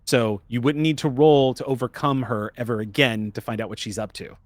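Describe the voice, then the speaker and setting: A man's voice: mid-range voice, fairly even intonation, fairly quick, no echo. Man running a tabletop game, dry sound. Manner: explains rules patiently. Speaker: game master.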